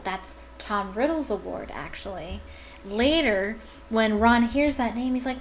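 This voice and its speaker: A woman's voice: a little high, unhurried, slight background noise. A woman reading a novel aloud, breaking off into enthusiastic, chatty commentary. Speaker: reader and fan commentator.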